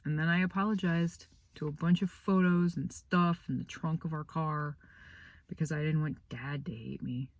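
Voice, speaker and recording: A woman author reading her own children's novel aloud with an expressive, dramatic storytelling delivery. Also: low-pitched, moderate pace, no echo, muffled recording.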